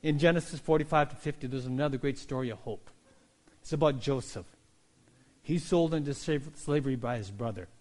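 A male pastor preaching a sermon, telling stories in an animated way and acting out characters. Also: medium pitch, brisk. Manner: animated storytelling, voicing characters.

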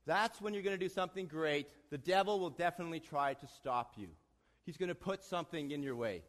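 A man, a lay leader preaching in a church, with a fairly high voice. He talks plainly and directly and pokes fun at himself. His voice carries a long reverb from the hall. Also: a little fast, fairly bright tone. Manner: plain, direct, self-deprecating, acts out voices in a joke. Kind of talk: sermon with a joke and prayer.

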